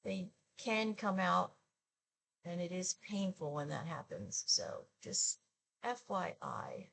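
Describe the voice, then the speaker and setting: A woman's voice: lowish voice, sing-song, vocal fry, fairly bright tone, slight background noise. A woman in her sixties chatting casually while she applies her makeup for a get-ready-with-me video. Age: 60s. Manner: slow, chatty, talks while applying makeup. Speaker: beauty vlogger.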